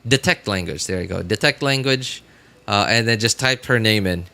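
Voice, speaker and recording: A man's voice: fairly low pitch, moderate pace, creaky, bright, forceful tone. A man streaming a game, chatting casually and rambling, with many fillers, restarts and self-corrections. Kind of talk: casual live-stream chat.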